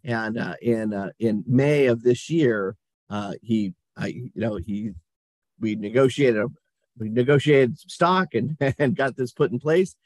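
This is a middle-aged man guesting on an interview, his voice slightly husky and recorded close and dry. He tells his stories with animation, laughing now and then and acting out quotes. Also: mid-range voice, unhurried, a little mellow, no room sound. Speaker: guest, company CEO. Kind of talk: casual interview storytelling.

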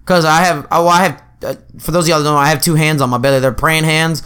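A young man chatting casually as a podcast co-host, telling profane, animated stories and acting out the people he quotes. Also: fairly high pitch, fast talker, clear, resonant tone. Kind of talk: casual chat.

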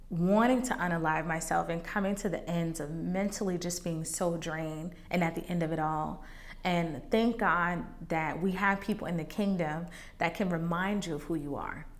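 A woman's voice: on the low side, fairly bright tone. A woman hosting a faith podcast, candidly sharing a personal testimony in a conversational way that turns emotional at times. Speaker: podcast host.

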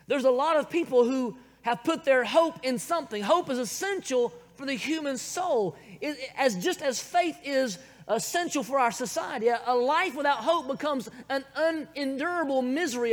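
A man with a Southern American accent preaching a sermon, calling out to the congregation. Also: extremely high pitch. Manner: calls out "Amen?" to the congregation, chuckles between points. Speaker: pastor. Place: church hall. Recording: long hall reverb.

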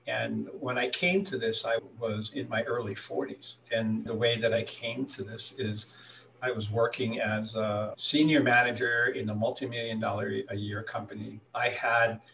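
Gravelly older guy in his 60s from hawaii, slow and thoughtful, sitting a bit back from the mic. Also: mid-range voice, steady tone, sharp tone, a little hiss or hum. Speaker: guest, healer. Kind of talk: storytelling interview answers. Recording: voice a little distant from the mic.

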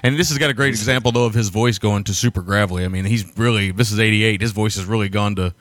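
A man's voice: on the low side, quick pace, fairly bright tone, no room sound. A man co-hosting a podcast, chatting casually about movies, laughing a lot, swearing freely and slipping into mocking impressions. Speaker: podcast co-host. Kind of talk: casual movie-review chat.

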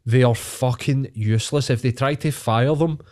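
A man's voice: medium pitch, normal speed, mellow. A man with a Scottish accent on a casual podcast, ranting and swearing heavily.

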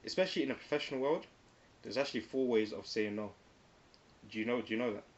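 A young man in casual banter, animated and slangy, often slipping into quoted voices. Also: medium pitch. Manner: quick and animated, slangy, breaks into put-on quotes. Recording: slightly dull recording with faint hiss.

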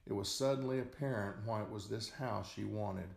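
A man reading a short story aloud as narrator, in a slow, measured way. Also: fairly low pitch, vocal fry. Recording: echoey room.

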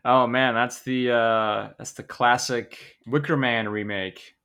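A man co-hosting a casual podcast, guessing movie quotes in a relaxed way. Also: medium pitch, takes it slowly, clean tone. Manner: laid-back, laughs often, swears casually. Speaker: podcast co-host.

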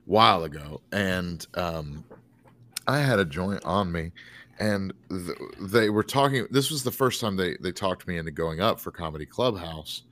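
A man's voice: deep voice, animated, unhurried, fairly bright tone, no echo. A male podcast co-host in easygoing casual chat, often murmuring agreement.

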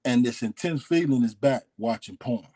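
A man's voice: mid-range voice, moderate pace, mellow, no echo. A man telling his own life story as a guest, candid and hesitant. He often repeats lines and restarts. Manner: confessional, hesitant, repeats himself. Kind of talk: candid personal testimony.

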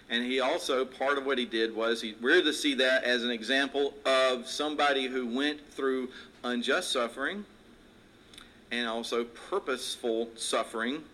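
A man preaching a sermon, reading scripture aloud and breaking off into relaxed, joking asides. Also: medium pitch, rough recording. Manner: conversational preaching with asides and jokes. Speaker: pastor.

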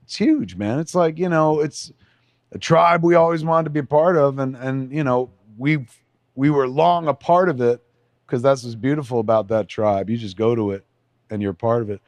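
A middle-aged man co-hosting a casual podcast, swearing freely and telling stories with feeling. His voice sits in an ordinary middle pitch. The sound is dry and close. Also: normal speed, no echo, highs cut off. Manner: profane, emotional, animated storytelling. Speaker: podcast co-host. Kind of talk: casual chat.

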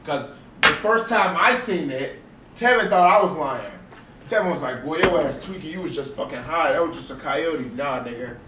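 An animated young man tells a story to his friends, swearing and repeating himself emphatically again and again. His voice is fairly high and his pace moderate, and he sits back from a distant mic in an echoey room with faint background noise.

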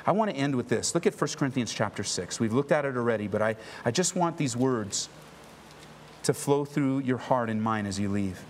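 A man's voice: medium pitch, animated, a little fast, a little hiss or hum. A man preaching a sermon as a pastor, impassioned and emphatic, repeating phrases for emphasis. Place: church.

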